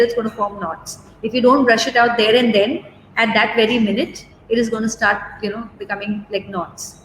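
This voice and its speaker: A woman, a dog groomer giving a relaxed live demo and answering questions, chatty and reassuring, often checking "okay?". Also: mid-range voice. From India. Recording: roomy echo, faint background noise.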